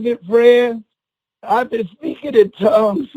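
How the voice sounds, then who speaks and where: An older man telling a motivational story from the stage in a high voice. He speaks slowly and deliberately, like a preacher. His delivery swings from hushed lines to near-shouts. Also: lively intonation, low-quality recording.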